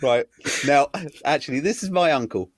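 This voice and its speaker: A man's voice: mid-range voice, animated, moderate pace, dry recording. A young man co-hosting a podcast, telling a story casually and teasing his friend. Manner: teasing, builds stories with "right?". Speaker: podcast co-host.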